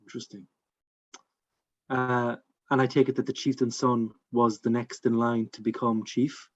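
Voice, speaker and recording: A man's voice: mid-range voice, little pitch movement, moderate pace, highs cut off. A man playing a tabletop game, asking questions in a casual, inquisitive way and often restarting his sentences. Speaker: player.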